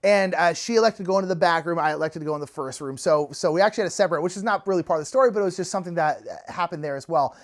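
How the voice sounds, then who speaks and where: A man telling a funny travel story in a casual, animated way, laughing often. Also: very fast, hardly any pauses. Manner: animated, laughing, big pitch swings. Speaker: storyteller, channel co-host.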